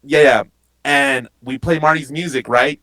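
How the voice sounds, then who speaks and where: A man's voice: mid-range voice, steady tone, a little slow, fairly bright tone, low-quality recording. A man guesting on a podcast, telling a behind-the-scenes story in a rambling, heartfelt way with many restarts. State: getting teary-eyed. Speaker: podcast guest and wrestling promotion insider. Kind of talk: casual podcast chat.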